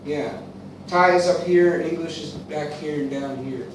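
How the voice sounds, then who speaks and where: An American man from the eastern United States, teaching an English class and drilling words slowly with repetition. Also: fairly high pitch, a little hiss or hum. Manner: slow, deliberate drilling with repetition. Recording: echoey classroom from far off.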